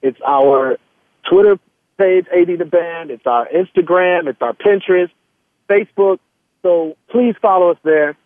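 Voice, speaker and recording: A musician guesting on a casual interview speaks in a high, unhurried male voice, earnestly spelling out names and web addresses. The recording is a tinny, dry phone line.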